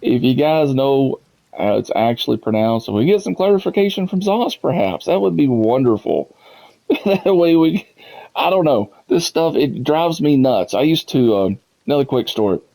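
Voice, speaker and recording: A man's voice: mid-range voice, big pitch swings, moderate pace, creaky, mellow, low-quality recording. A man talking casually to his viewers as a gaming YouTuber, chatty and amused, often laughing.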